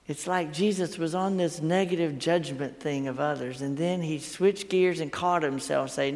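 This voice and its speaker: Man, pastor, folksy storytelling sermon, gravelly voice, long hall reverb. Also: fairly high pitch, unhurried, hardly any pauses. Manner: storytelling, folksy, repeats words while thinking aloud. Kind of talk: conversational sermon.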